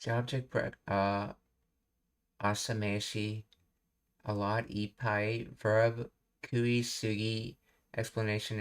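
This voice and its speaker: A man works through a language lesson on a live stream, reading explanations and pausing to ask himself questions. His voice sits low and stays flat. Keyboard typing is heard behind him. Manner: thinking aloud, reading explanations, self-questioning. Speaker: language teacher.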